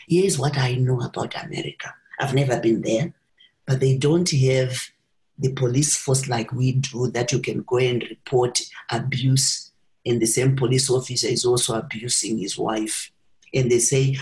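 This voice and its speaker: A woman's voice: extremely low pitch, steady tone, a little slow, a little mellow. A woman guest on a podcast earnestly telling a personal story and repeating phrases for emphasis. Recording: roomy echo.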